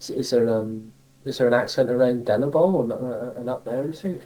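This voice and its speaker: A man interviews an older woman, his voice dark and mellow at a middling pitch. He asks in a halting, hesitant way, repeating words before he gets to the point. It is heard on an old cassette tape. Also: rough recording. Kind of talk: dialect interview.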